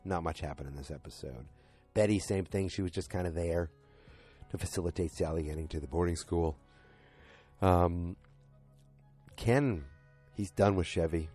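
A man's voice: low voice, normal speed, long pauses, warm tone, soft background music. A man hosting a casual podcast recap of a TV episode, retelling scenes in a rambling way full of fillers and "he's like" quotes.

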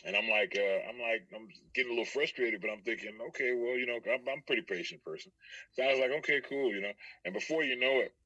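A man from Texas, a voice actor guest, telling a story in a casual, animated way, with laughter and many restarts. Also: medium pitch, quick pace, no echo, distant mic, muffled recording.

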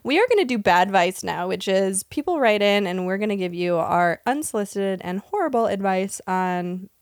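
A woman in her thirties chatting on a podcast in a relaxed, giggly way, reading letters and trading stories. Her voice sits in a middle range. The recording is dry and close. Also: mid-range voice, moderate pace, no echo. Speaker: podcast co-host. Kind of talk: casual chat.

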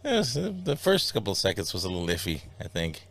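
A man's voice: low-pitched, wildly swooping pitch, quick pace, vocal fry, a bit bright. A man hosting a comedy podcast, joking and rambling with restarts. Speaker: podcast host. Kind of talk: casual comedy podcast chat.

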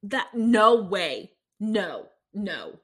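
Bright-voiced woman podcast host. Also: mid-range voice, big pitch swings, extremely slow, slightly rough. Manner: incredulous, rambling, many restarts and laughs. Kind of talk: casual solo podcast commentary.

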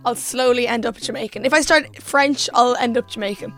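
A woman co-hosting a casual podcast, bubbly and quick to laugh. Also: fairly high pitch, over music. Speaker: podcast co-host.

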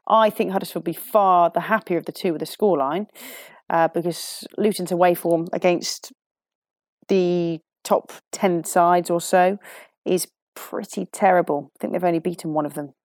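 A woman's voice: lowish voice, fairly even intonation, moderate pace, darkish tone, dry recording. A woman giving chatty, opinionated football punditry in a casual studio discussion. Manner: chatty, opinionated, sighs and restarts.

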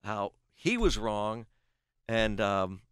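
Animated middle-aged man telling a story. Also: lowish voice, extremely slow, clear, resonant tone, dry recording, studio quality. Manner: animated storyteller who acts out quoted dialogue. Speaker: guest, baseball play-by-play announcer. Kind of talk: casual podcast storytelling.

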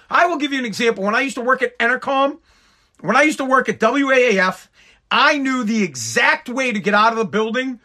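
A man's voice: extremely high pitch, sharp tone. A man, a podcast host ranting with lots of swearing, exasperated and emphatic. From Woburn, Massachusetts, USA. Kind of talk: comedic profane rant.

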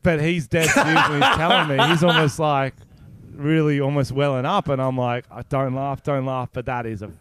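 A man's voice: on the high side, a little fast, over a noisy crowd. A man hosting a casual podcast, telling laid-back stories and laughing often, from Australia. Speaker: podcast host. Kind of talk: casual chat.

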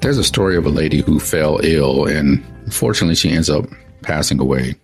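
Deep, gravelly-voiced male pastor. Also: lively intonation, a little fast, faint music behind. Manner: storytelling, conversational. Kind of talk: sermon.

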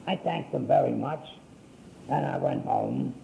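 Gravelly older man telling his life story. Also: mid-range voice, huge pitch swings, mellow, a little hiss or hum, rough recording. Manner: folksy, unhurried, acts out quoted speech. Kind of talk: rambling personal life story.

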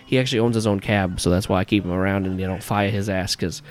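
A man voicing a crude, gruff New York cab dispatcher with a put-on New York accent who swears and blusters. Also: sits low, fairly even intonation, quick pace, lightly acted. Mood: grumbling.

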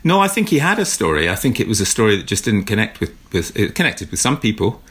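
A man's voice: lowish voice, sing-song, fast talker, fairly bright tone, husky. A British man, an author and broadcaster, giving wry political commentary as a guest. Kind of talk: casual interview chat.

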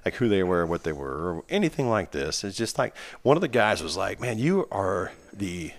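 A man's voice: sits low, very animated, a little fast. A man hosting a podcast, chatting casually on a microphone with headphones, rambling and joking as he tells stories. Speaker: podcast host. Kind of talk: casual chat.

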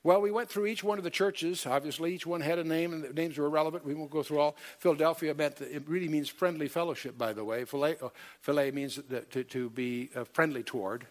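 A man's voice: fairly high pitch, fairly even intonation, fairly quick. A man teaching a Bible study lecture, emphatic, quoting scripture in old-fashioned wording, with many fillers and self-corrections. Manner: emphatic, quotes scripture in King James wording.

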